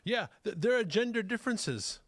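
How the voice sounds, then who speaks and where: A man's voice: high voice, lively intonation, normal speed, a bit bright, no echo. A man speaking as a panelist on a casual political talk show, chiming in readily.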